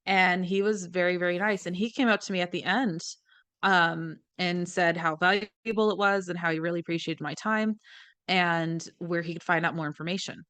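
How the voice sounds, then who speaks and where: A woman's voice: on the low side, fairly even intonation, moderate pace, a bit bright, no echo. A woman co-hosting a podcast, telling stories in casual chat, acting out the people she quotes and swearing now and then. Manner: chatty storyteller, acts out quoted voices, swears casually. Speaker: podcast co-host.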